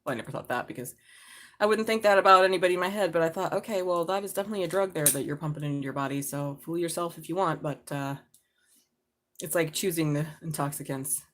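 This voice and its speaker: A middle-aged woman talks through a live tarot reading, loose and chatty. Her voice sits a little low, and she swears casually and laughs easily as she goes. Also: quick pace. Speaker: tarot reader.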